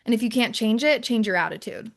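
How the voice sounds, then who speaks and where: A young adult woman hosting a podcast, talking in an animated, casual way with lots of fillers. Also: on the high side, quick pace, creaky. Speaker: podcast host. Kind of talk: casual chat.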